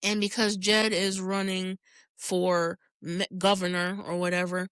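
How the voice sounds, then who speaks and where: A woman's voice: fairly low pitch, measured pace, clear, resonant tone, no room sound, clean studio sound. A woman hosting a podcast, chatting casually as she recaps a TV episode in a candid, profane way and laughing often. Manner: candid and profane, frequent laughter, animated reactions. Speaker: podcast host.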